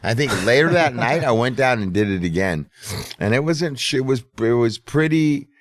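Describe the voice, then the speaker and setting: A man's voice: medium pitch, expressive, moderate pace, dry recording, studio quality. A middle-aged man telling a casual, profane story as a podcast host. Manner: profane, laid-back storyteller.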